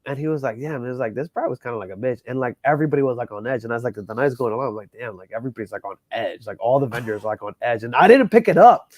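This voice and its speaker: A man working as a wedding DJ tells a story in casual chat. He talks in an animated, profane way and says "bro" and "like" constantly. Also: mid-range voice, rapid-fire, few pauses, dry recording, studio quality. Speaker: wedding DJ guest.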